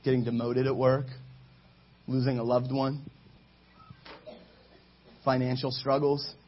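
A man in his thirties preaching a sermon to his congregation in a church, energetic and exhorting, calling for answers from the pews. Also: medium pitch, slow pace, highs cut off, slight background noise. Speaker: pastor. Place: church sanctuary.

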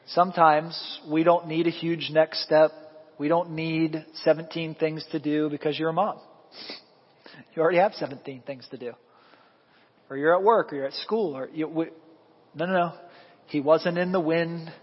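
Husky-voiced male pastor preaching in a hall. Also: fairly high pitch, normal speed, pauses often. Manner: animated preaching, quizzing the congregation. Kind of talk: sermon. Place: church sanctuary. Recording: echoey hall, dull lo-fi sound.

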